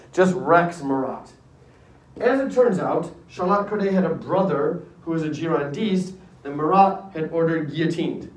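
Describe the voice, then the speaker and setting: A male history teacher telling a lively classroom story in casual slang, acting out voices. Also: fairly high pitch. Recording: echoey room, distant mic.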